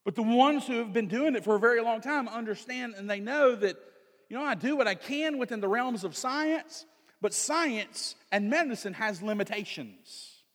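A man preaching a sermon as pastor, reading scripture, then explaining it earnestly, slowing down and swelling louder to stress key points. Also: very high-pitched, lively intonation. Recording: long hall reverb.

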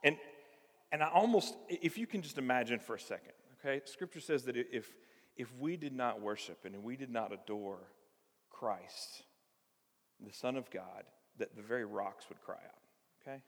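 Male pastor, mid-pitched, lively sermon delivery with acted-out lines, long hall reverb. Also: moderate pace. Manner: animated, acts out voices of the text.

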